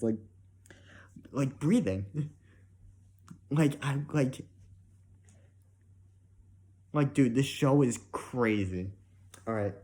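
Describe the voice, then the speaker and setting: A man's voice: mid-range voice, mellow. A young man giving a casual, emotional spoken review, rambling with many "like" and "right?" fillers and frequent swearing.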